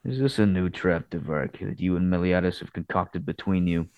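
A suspicious captive hero of a fantasy novel, as read by a man, who speaks in a curt, accusing way. His voice is very deep. The sound is dry and close. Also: steady tone, normal speed, dry recording, phone-quality sound. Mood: suspicious, angry. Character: suspicious, angry male hero, a captive warrior. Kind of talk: reading a novel's dialogue aloud.

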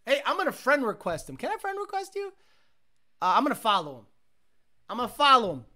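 A man who tunes cars, chatting casually on a livestream, reading viewer comments aloud and ranting excitably with plenty of swearing. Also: very high-pitched, fairly quick, a little hiss or hum. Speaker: car tuner livestreaming.

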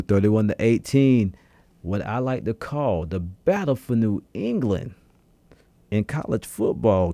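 Low, mellow-voiced man chatting solo. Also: dry recording. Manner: animated, slangy, talks straight to listeners. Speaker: podcast co-host. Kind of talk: casual solo podcast chat. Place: radio studio.

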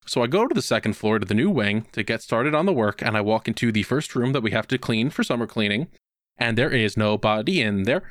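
A man's voice: medium pitch, brisk, no room sound, clean studio sound. A man co-hosting a podcast, telling a work story in casual chat and acting out the quotes. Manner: animated storytelling with voiced quotes. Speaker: podcast co-host.

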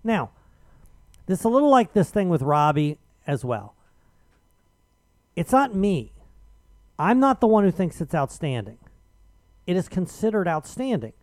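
A man hosting a radio talk show, telling an argumentative story in casual chat with animated emphasis. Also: high-pitched, a little slow, long pauses, no echo.

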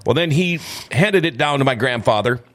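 A man's voice: mid-range voice, animated, normal speed, a bit bright. A man hosting a radio show, chatting casually with a guest and chuckling often. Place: radio studio.

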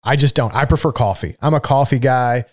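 A man's voice: mid-range voice, a little fast. Young guy on a live stream, laid-back, swears a lot, talks coffee with a buddy. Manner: profane, laid-back banter. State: mild sinus infection. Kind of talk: casual chat.

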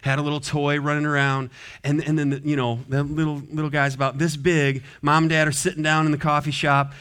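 A man's voice: fairly high pitch, flat delivery, a little fast, fairly bright tone, clear, resonant tone. A man preaching a sermon as pastor, conversational, often acting out quotes and little scenes.

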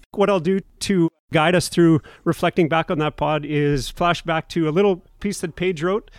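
A man's voice: a little high, dry recording, studio quality. Easygoing man hosting a podcast. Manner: easygoing, wry. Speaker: podcast host. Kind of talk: casual podcast chat.

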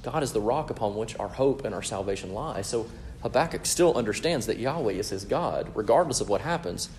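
A man's voice: fairly low pitch, lively intonation, a little fast, darkish tone, slight background noise. A man preaching a sermon in an earnest, teaching way, often checking in with his listeners. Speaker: pastor.

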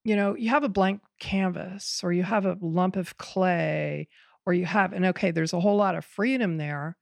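A woman in casual podcast conversation, talking in an animated, rambling way with frequent laughs and restarts. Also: fairly low pitch, moderate pace, creaky, dry recording, clean studio sound. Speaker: podcast guest, bonsai student.

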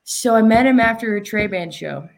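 A woman's voice: on the high side, animated, moderate pace, creaky. A woman chatting casually as a guest, giggly and self-deprecating, often trailing off mid-sentence. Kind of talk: casual chat.

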